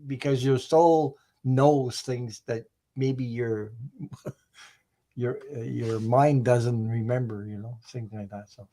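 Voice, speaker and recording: Man musing in halting speech. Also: medium pitch, steady tone, mellow. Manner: musing, halting, many restarts. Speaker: participant. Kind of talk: casual group chat.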